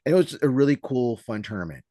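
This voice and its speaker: A man co-hosting a casual podcast as a judo coach, telling stories in an animated way and acting out what others said. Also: medium pitch, fast, dry recording, studio quality. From Southern California. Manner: animated storyteller, acts out quotes loudly.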